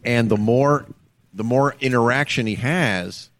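A man tells a story in casual conversation, lively and animated, jumping into the voices of the people he quotes. His pitch swings a lot as he acts out each part. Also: unhurried.

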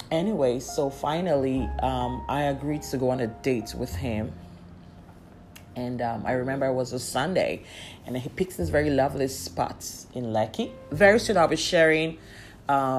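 A young woman vlogger tells a story in a sassy, chatty way, laughing often. Her voice is rumbling and low with a darkish tone, and faint music plays underneath.

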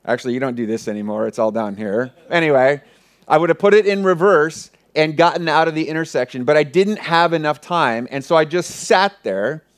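A pastor preaching, retelling a personal story earnestly and often dropping to a hushed voice. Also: male voice, fairly high pitch, a little fast. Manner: earnest, vivid retelling with many soft hushed passages. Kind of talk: sermon storytelling.

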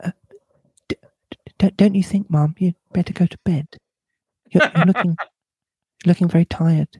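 A man's voice: high voice, fairly even intonation, moderate pace, a little mellow, slightly rough, no room sound, voice pushed up. A man voicing a timid old female servant in a read-aloud mystery story, stammering and diffident.

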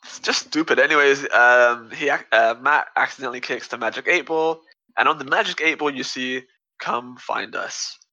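A man talking through a film plot in loose, casual chat. His voice is bright and forward, and he swears freely, laughs often and slips into little acted-out quotes. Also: medium pitch, fairly quick, muffled recording. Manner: animated, profane, laughs often, acts out lines. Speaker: podcast co-host. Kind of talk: casual movie recap chat.

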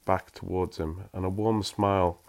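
A very deep-voiced man reads a story aloud. He drops into dry, self-mocking asides between passages. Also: steady tone, moderate pace, vocal fry.

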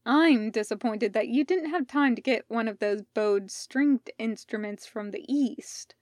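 A woman's voice: fairly high pitch, lively intonation, takes it slowly, no room sound, clean studio sound. A woman voicing a sensible young man who fusses over his friend, mildly patronizing, in a storybook reading. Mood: complaining.

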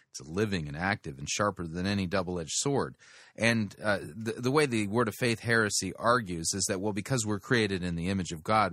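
A man hosting a show, commenting on a sermon clip in a deliberate, critical way and stressing key words. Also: lowish voice, a bit bright, no room sound, studio quality. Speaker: podcast host critiquing a sermon.

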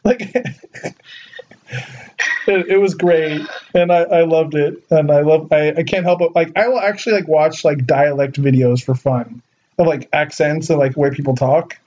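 A man's voice: on the high side, measured pace, darkish tone. A man co-hosting a podcast in casual chat, rambling with lots of filler words. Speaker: podcast co-host. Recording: muffled lo-fi recording.

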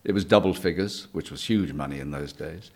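A man's voice: rumbling low, brisk, darkish tone, slightly rough. An older man from England, a guest in an interview, telling stories from his early career in a chatty way with frequent chuckles. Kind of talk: reminiscing interview.

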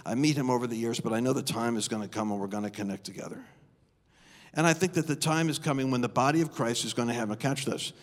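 A middle-aged man preaching live in a church, telling stories with animated, dramatic flair. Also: mid-range voice, fast talker. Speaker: guest preacher. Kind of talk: live sermon storytelling. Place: church auditorium. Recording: long reverb of a church hall.

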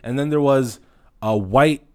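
A man hosting a casual solo podcast, telling profane stories in an animated way and acting out the dialogue. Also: mid-range voice, measured pace, no echo, clean studio sound. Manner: acts out dialogue in anecdotes. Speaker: podcast host.

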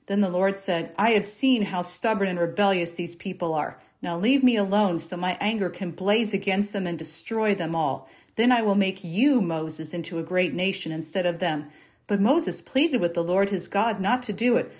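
A woman reading a Bible passage aloud in a measured, expressive way, lifting her voice for the quoted speeches. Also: medium pitch. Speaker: Bible reader. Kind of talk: scripture reading.

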